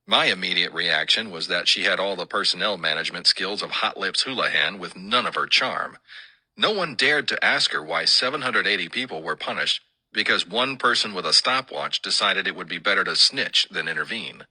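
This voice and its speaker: An older man reading his own wartime memoir aloud in a dry, wry storytelling manner, with a husky voice. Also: sits low, expressive, normal speed, pushed and bright, poor audio. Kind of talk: first-person memoir reading.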